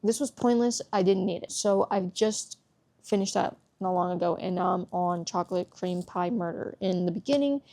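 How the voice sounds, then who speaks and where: A woman's voice: fairly low pitch, normal speed, warm tone. A woman book vlogger giving an exasperated, swear-heavy casual review rant at home.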